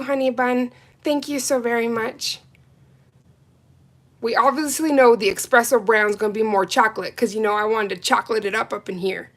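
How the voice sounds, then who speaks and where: A woman with a slightly high voice hosts a live nail art stream at a normal pace. Chatty and excitable, she reads out viewer comments and answers them in casual conversation.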